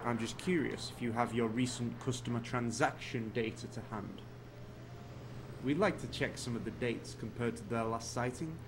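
An actor playing a calm, polite male police officer who speaks in a measured, formal way. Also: medium pitch, background noise, natural voice.

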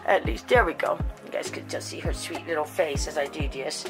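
A woman hosts a chatty doll-collecting vlog, doting and gushing over each little detail. She talks to her viewers casually, with plenty of ums and soft asides. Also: low-pitched, fairly quick, loud music behind the voice. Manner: gushing, doting, many fillers. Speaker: doll collector and channel host.

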